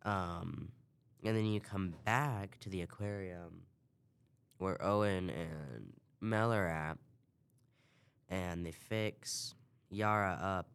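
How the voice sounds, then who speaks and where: A man's voice: sits low, slow, vocal fry, pauses often, fairly bright tone, clear, resonant tone. A man hosting a podcast, casually recapping a video game in a rambling way and swearing offhand. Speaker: podcast host.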